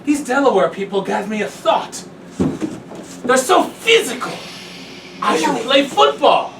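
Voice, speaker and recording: An excitable board member, played by a man on stage, who keeps cutting in. His voice is very high and swings widely. It is heard from far off in an echoey room. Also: unhurried, background noise, full character voice. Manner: animated, interrupting. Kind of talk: improv comedy scene.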